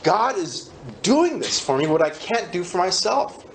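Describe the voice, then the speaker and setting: A man stands before a recovery meeting and tells his own story plainly, mocking himself and acting out what others said. His voice sits a little high for a man. A faint hiss of noise runs under the talk. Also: big pitch swings, unhurried. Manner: candid, self-deprecating storytelling with acted-out quotes.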